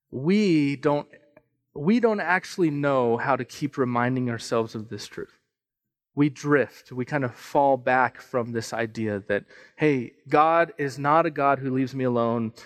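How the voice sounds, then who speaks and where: A man in his thirties preaching a sermon, telling a personal family story in an animated way, often restarting and repeating phrases. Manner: storytelling, animated, rises in pitch and volume at emotional peaks. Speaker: pastor.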